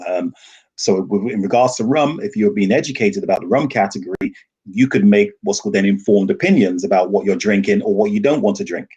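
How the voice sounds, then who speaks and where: A man being interviewed on a podcast over a video call, telling animated stories with frequent laughs. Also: on the low side, husky, lo-fi sound. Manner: enthusiastic, animated storyteller who laughs often. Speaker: guest, rum ambassador.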